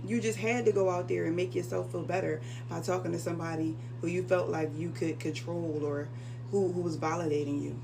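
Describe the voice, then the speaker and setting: A woman's voice: lowish voice, steady tone, brisk, vocal fry, background noise. A young adult woman telling a personal story in a casual, emotional, conversational way.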